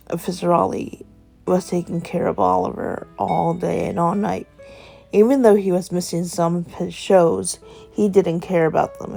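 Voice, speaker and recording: A woman's voice: lowish voice, vocal fry, dark tone. A woman telling an improvised story, chaining events together with "and then" in a rambling way.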